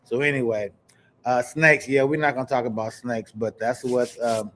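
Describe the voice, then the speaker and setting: A man from Kansas hosting a live podcast, telling stories in an animated, chatty way and talking straight to his viewers. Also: medium pitch, moderate pace, slight background noise. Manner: animated storyteller, chatty, addresses viewers directly. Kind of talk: casual live-stream chat.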